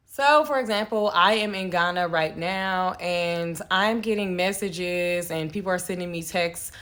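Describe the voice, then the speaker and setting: A woman from the United States speaking earnestly and directly in a vlog. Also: on the low side. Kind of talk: vlog commentary.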